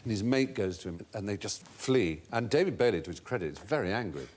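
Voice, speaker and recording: Telling an anecdote on a comedy panel show, this Englishman is an animated storyteller who keeps slipping into voices and chuckling. He has a low voice with a breathy edge and a brisk delivery.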